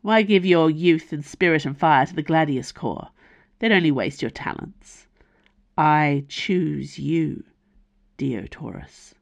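A woman reading aloud, voicing a dark, possessive male god who is also a black raven, in a low, slow, menacing tone. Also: expressive, gravelly, full character voice.

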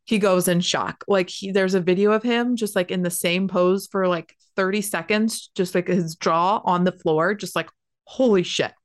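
A young woman telling a personal story in a casual, animated way, full of "like" and quick asides. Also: fairly low pitch. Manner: animated, chatty, heavy use of "like".

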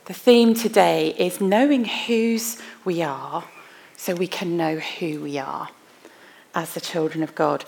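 A woman's voice: fairly low pitch, gravelly. A woman in her forties preaching a sermon, telling stories with humour and stressing points through repetition. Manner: storytelling with humour, emphatic repetition.

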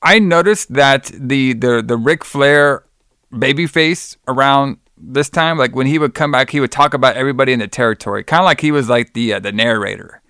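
A young man chats loosely about old wrestling broadcasts, piling up fillers and curse words. His voice is smooth and clear. The sound is dry and close to the mic. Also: medium pitch, fairly quick, pushed and bright, no echo. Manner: profane, rambling, says "brother" and "like" a lot. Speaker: podcast co-host. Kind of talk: casual chat recapping old wrestling shows.

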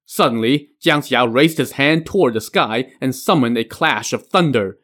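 A man's voice: medium pitch, normal speed, fairly bright tone, slightly rough. A man hosting a podcast, retelling a legend with casual asides. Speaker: podcast host. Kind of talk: storytelling narration.

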